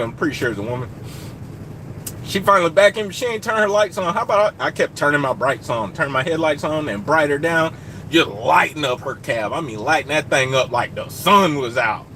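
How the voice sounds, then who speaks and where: A young man streaming live from his truck cab, chatting casually and joking with viewers, hollering shout-outs into a phone. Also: medium pitch, lively intonation, fairly quick, a little hiss or hum.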